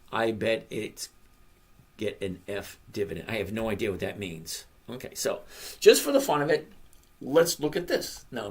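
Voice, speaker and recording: Blunt trading host, sarcastic and mocking, swinging pitch, screen-share market commentary. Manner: sarcastic and mocking, laughs at the numbers; blunt and opinionated.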